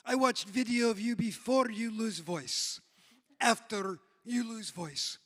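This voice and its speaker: A man voicing a blunt, tough female former commando turned voice therapist, with a put-on Israeli accent, clipped broken English and deadpan scolding. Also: high-pitched, slow pace, full character voice. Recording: long reverb in a large hall.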